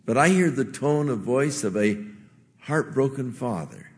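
A man preaching in an unhurried, measured way, pausing often as he teaches. His voice sits at an ordinary pitch and carries a long reverb, as if recorded in a big sanctuary. His manner is gentle and conversational rather than fiery. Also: animated. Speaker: pastor. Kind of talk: sermon.

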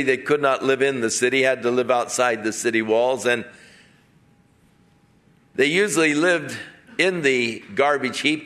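A man's voice: medium pitch, fairly bright tone. A man preaching a sermon, retelling a story and acting out the characters in it.

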